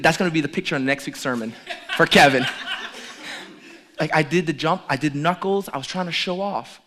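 A middle-aged man preaching as a pastor, joking playfully with the congregation during a lively demonstration. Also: on the high side. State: out of breath at times. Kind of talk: lively sermon with audience demonstration.

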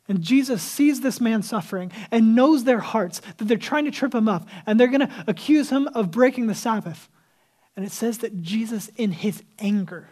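A man's voice: sits high, a little mellow. A male pastor preaching a sermon in a casual, conversational way, acting out the people he quotes and dropping to a whisper for emphasis.

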